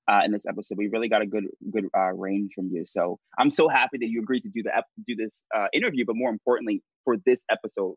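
Husky low-voiced man host. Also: dry recording. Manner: hesitant, many uhs and restarts, encouraging. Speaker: podcast co-host. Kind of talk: casual interview chat. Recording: dull, dry lo-fi mic.

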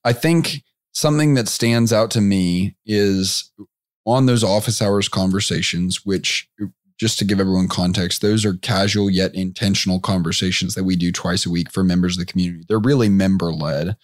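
A man's voice: low voice, moderate pace, dry recording, clean studio sound. A man hosting a podcast interview in a casual chat, talkative and upbeat, laughing often. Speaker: podcast host.

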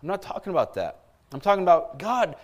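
A middle-aged man preaching a sermon as a pastor, animated, with asides and calls for an amen. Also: high-pitched, fast. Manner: animated preaching with asides and call-outs for amens.

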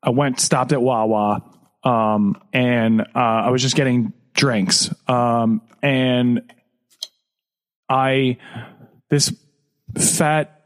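A man co-hosting a podcast, telling a story in a lively way, acting out quotes and laughing often. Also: medium pitch, very slow, pauses often. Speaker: podcast co-host. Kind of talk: casual podcast chat and storytelling.

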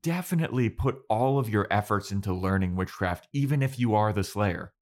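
A man's voice: fairly low pitch, animated, a little fast. A young man co-hosting a podcast in casual chat, laid-back and swearing freely as he recaps a TV episode and acts out characters' lines. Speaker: podcast co-host.

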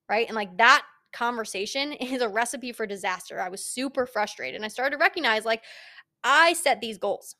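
A young woman with a voice a touch higher than most talks straight to her listeners in a casual fitness podcast. She is emphatic and blunt and swears freely as she pushes them to own their goals. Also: brisk, sharp tone. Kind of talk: casual motivational podcast monologue.

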